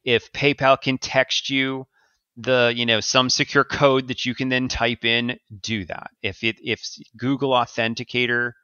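A man's voice: mid-range voice, level tone, unhurried, sharp tone, clean tone, no room sound, dull audio. A man co-hosting a podcast, explaining security news casually with fillers and easy laughs. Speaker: podcast co-host.

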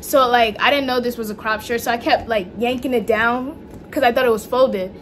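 A young woman talks through a casual home vlog in a high voice, excitable and gushing, full of slang. A faint hum of noise sits behind her. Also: fairly quick. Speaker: vlogger. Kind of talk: casual haul vlog chat. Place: home room at night.

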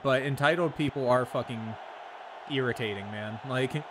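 A man's voice: mid-range voice, moderate pace, noisy background. A man streaming a video game, chatting casually with viewers, laid-back and profane, laughing often. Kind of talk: casual chat while gaming.

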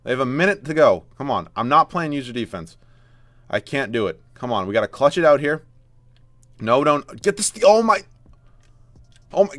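A man commentating his own basketball video game as he plays, swearing, groaning and yelling at bad plays. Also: medium pitch, animated, brisk, long pauses, no echo. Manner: frustrated, loud outbursts at the game. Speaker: gaming YouTuber. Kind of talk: live gameplay commentary.

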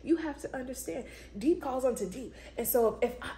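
A woman hosting her own vlog reflects on faith casually and emphatically, now and then bursting into exclamations of praise. Her high-pitched voice is lively and brisk, with hardly any pauses, recorded in an echoey room with faint ambient noise.

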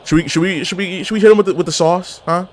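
A man commentating his own online wrestling game, jokey and excitable, full of trash talk, swearing and wrestling slang. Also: high voice, quick pace, slight background noise. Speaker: gaming video creator.

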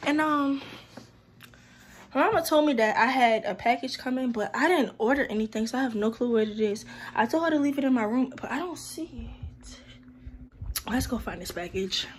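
Teenage girl, hoarse worn voice, slightly high pitch, breathless, chatty vlog, background noise. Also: a little fast. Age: late teens. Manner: chatty, talks straight to viewers. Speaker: vlogger. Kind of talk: casual vlog chat.

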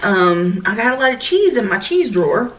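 A woman's voice: mid-range voice, sing-song. A woman guesting on a food video, chatting casually and laughing often. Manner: giggly, slow and drawn-out. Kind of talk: casual chat while eating. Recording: distant mic, background noise.

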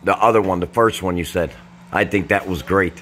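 A man's voice: low-pitched, fairly quick, fairly bright tone, slight background noise. A middle-aged man, a father and host, chatting with his own father in a joking, teasing way. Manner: joking, teasing, mock-offended. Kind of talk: casual chat.

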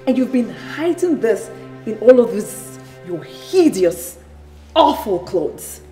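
A mocking, jealous Nigerian wife. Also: female voice, on the high side, sing-song, slow, mellow, soft background music. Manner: sarcastic, taunting, theatrical. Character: jealous mocking wife taunting her pastor husband. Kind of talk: Nollywood film acting.

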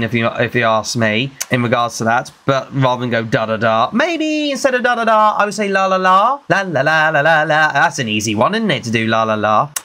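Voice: mid-range voice, fairly bright tone. A vlogger with a British accent, giving casual, chatty reaction commentary with playful laughter. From United Kingdom. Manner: chatty and playful, laughs often, scats beats aloud.

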